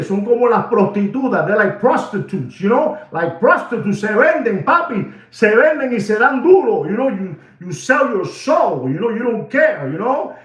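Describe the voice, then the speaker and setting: A man hosting a watch market show, delivering a rambling, excitable comic rant. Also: sits high. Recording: echoey, distant, dull sound.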